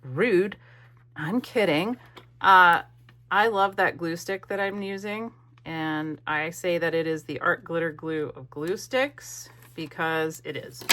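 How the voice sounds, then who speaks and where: A woman's voice: on the low side, slow, fairly bright tone. A middle-aged woman hosting a craft video, chatting playfully and teasing herself as she works. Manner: chatty, self-mocking, playful. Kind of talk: casual crafting narration.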